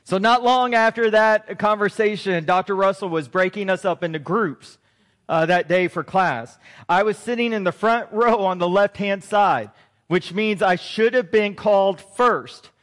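A pastor in his forties delivers a sermon, weaving in a personal story. His voice sits high for a man, and he speaks earnestly and with open emotion to his congregation. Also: measured pace, fairly bright tone.

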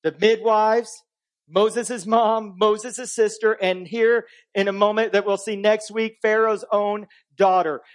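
A pastor preaching a conversational sermon, swinging between emphatic and hushed delivery. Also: male voice, high-pitched, little pitch movement, takes it slowly.

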